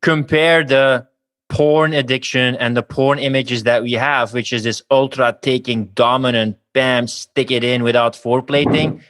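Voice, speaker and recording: A man's voice: medium pitch, fairly even intonation, a little slow, a bit bright. A man hosting a casual podcast interview, asking long, rambling questions. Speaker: podcast host.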